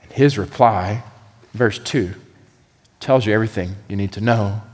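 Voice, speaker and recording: A man preaching a sermon, animated and acting out the voices he quotes. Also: fairly low pitch, moderate pace, big-room sound. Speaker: pastor.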